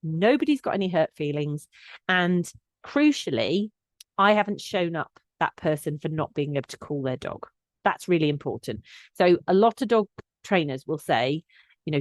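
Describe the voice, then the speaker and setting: A woman's voice: low voice, normal speed, no room sound. A woman with a chatty teaching manner, hosting a dog-training podcast and giving advice with plenty of fillers and restarts. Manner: chatty, with frequent fillers and restarts, lively when acting out quotes. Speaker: collie behaviour specialist and podcast host. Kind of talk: casual instructional podcast talk.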